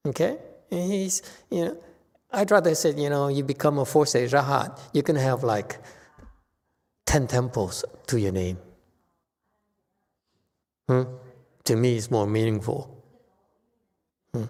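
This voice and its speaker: A man's voice: mid-range voice, slow pace, pauses often, darkish tone, long reverb tail. A man teaching as a Buddhist master in a dharma lecture, blunt and dismissive, brushing off questions with impatience.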